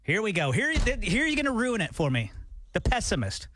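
A man's voice: high voice, brisk, no echo. A man co-hosting a morning radio show, telling jokey stories in casual banter. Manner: animated storytelling, jokey. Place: radio studio.

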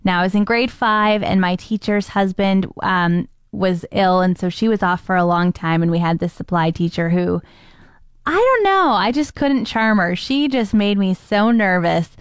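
A young adult woman chats through her morning show segment in a self-deprecating storytelling way. Her voice is smooth and clean, recorded close and dry with no room sound. Her pitch sits in a middle range. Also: steady tone, moderate pace, hardly any pauses, no echo. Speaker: radio morning show host. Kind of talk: casual chat.

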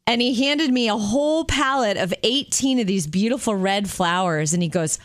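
A woman's voice: medium pitch, normal speed, dry recording, studio quality. A middle-aged woman co-hosting a radio show, telling a story in casual chat and acting out the voices of others. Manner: chatty storyteller, acts out quoted voices. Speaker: radio co-host.

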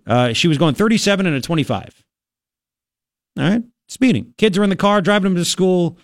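A man hosting political commentary, sarcastic and mocking as he pauses and remarks on clips. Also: high voice, animated, no echo, clean studio sound. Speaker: host.

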